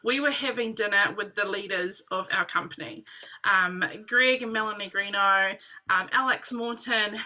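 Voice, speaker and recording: A woman telling her personal testimony to a group, in animated casual storytelling full of "like" and "literally". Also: medium pitch, normal speed. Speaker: team member sharing testimony.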